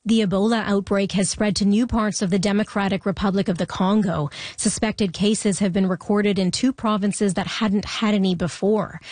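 Female news anchor, steady measured read, dead-dry studio mic. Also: medium pitch, dry recording. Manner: measured, even newsreader delivery. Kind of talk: radio news reading. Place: radio studio. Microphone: studio microphone.

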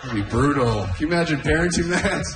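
A man's voice: on the high side, expressive, quick pace, background noise. A man doing a stand-up comedy set on a club stage, talking loosely and chuckling at his own jokes. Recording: roomy club sound.

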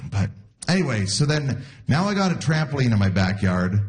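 A man's voice: mid-range voice, very animated, moderate pace. A man in his forties doing a stand-up comedy set, acting out quoted voices and laughing at his own jokes. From Canada. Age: 40s. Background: audience laughter.

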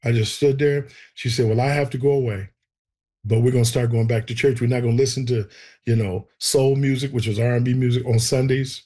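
A man telling a personal story in an animated way, acting out the voices of the people in it. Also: medium pitch, fairly quick. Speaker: guest telling his testimony.

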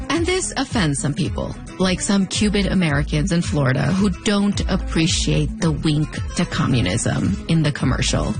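Woman with fronterizo accent, wry storytelling narration, lowish voice, music behind. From US-Mexico border region. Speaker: host. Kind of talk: scripted narration.

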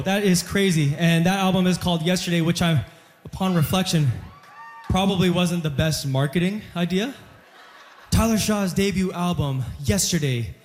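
A man in his thirties, a singer chatting with a live audience between songs, joking at his own expense. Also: fairly high pitch. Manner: chatty, self-deprecating, laughing at himself. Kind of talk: stage banter between songs. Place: live concert venue. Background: faint guitar.

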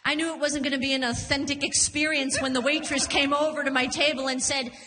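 High-voiced woman doing stand-up. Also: brisk, big-room sound. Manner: animated, laughs through punchlines, jumps into character voices. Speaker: stand-up comedian. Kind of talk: stand-up comedy set. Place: comedy club stage.

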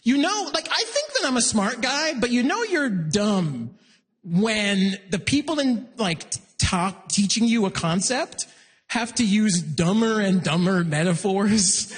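Man, stand-up comedy, self-mocking, lively pitch swings, husky edge, hall reverb. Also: unhurried. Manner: animated, self-mocking, jumps into loud high act-outs.

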